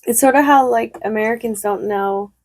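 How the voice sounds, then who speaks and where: A woman co-hosting a podcast, chiming in with quick, skeptical questions in casual chat. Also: fairly high pitch. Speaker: podcast co-host.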